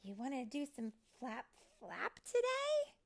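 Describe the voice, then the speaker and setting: High, eager young fairy girl, excitable and pleading, as a mom reading aloud puts her on. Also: slow, creaky, exaggerated voice. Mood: chirpy.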